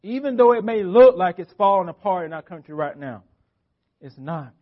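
High-voiced emphatic male preacher. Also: animated, moderate pace, phone-quality sound. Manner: emphatic, repetitive preaching with wide swings of loudness. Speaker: pastor. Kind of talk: sermon.

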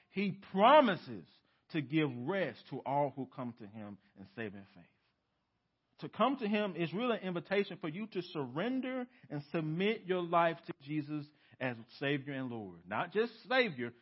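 Male pastor, emphatic sermon delivery, dynamic and questioning, slightly high voice, dull lo-fi church recording. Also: very animated, normal speed, slightly rough. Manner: emphatic, swings from loud to hushed, rhetorical questions. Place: church sanctuary.

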